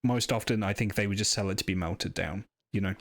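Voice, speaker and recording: A man's voice: fairly low pitch, quick pace, vocal fry. A man giving casual game commentary, rambling and hesitant with a wry edge. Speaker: streamer.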